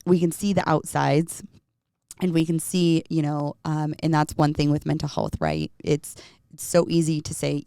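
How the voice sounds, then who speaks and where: A woman's voice: deep voice, expressive, moderate pace, vocal fry, warm tone, clear, resonant tone, no echo, clean studio sound. A woman hosting a podcast, easygoing and chatty in casual conversation, and she laughs easily. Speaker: podcast host.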